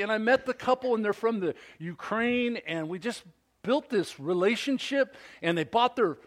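Animated male pastor preaching. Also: sits high, normal speed. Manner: animated storytelling with frequent questions to the congregation. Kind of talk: sermon. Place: church service.

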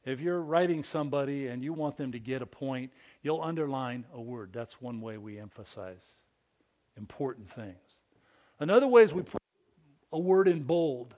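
A man preaching a sermon, reading scripture and acting out quotes with rising, pleading intensity. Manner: animated preaching, climbs high and loud on quotes. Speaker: pastor.

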